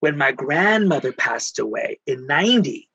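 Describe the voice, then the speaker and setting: A man from Texas, a guest speaking about his spiritual healing work, tells emotional stories in an animated, theatrical way and acts out the voices he quotes. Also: mid-range voice, normal speed, gravelly, breathy edge, no echo, dull audio. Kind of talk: emotional storytelling in conversation.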